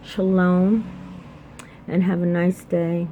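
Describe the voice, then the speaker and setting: Slow, earnest middle-aged woman. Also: fairly low pitch, little pitch movement, mellow, slight background noise. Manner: earnest, repeats phrases for emphasis. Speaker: vlogger sharing her life story. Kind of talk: personal testimony.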